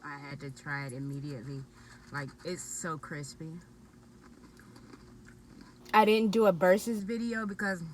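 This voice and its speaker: Excited woman reviewing food in her car. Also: on the low side, distant mic, slight background noise, low-quality recording. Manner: excited, chatty, expressive. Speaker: vlogger. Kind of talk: casual food review vlog. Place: parked car.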